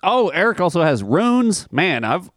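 A podcast co-host in casual conversation, this man tells rambling, profane stories and laughs a lot. His high voice has a sing-song lilt and an unhurried pace. The sound is dry and studio quality.

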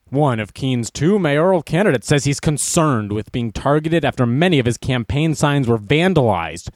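A man's voice: a little high, darkish tone, dry recording, studio quality. A man hosting a talk show, joking through news items and stories and laughing often. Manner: playful, laughs often, reads news items aloud with wisecracks. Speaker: radio show host.

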